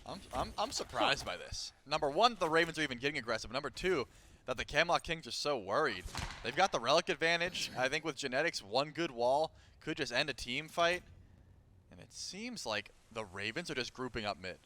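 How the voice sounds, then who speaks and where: Male color commentator, bright slightly high voice, analytical, faint background noise. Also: expressive, a little fast. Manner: analytical, laughs through highlights. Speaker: esports analyst.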